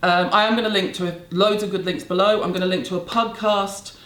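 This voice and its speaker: A woman's voice: mid-range voice, steady tone, brisk, a bit bright. Blunt British woman ranting, roomy echo. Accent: British English. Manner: blunt, sarcastic, emphatic. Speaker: beauty vlogger. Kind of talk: casual rant to camera. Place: home room in a city.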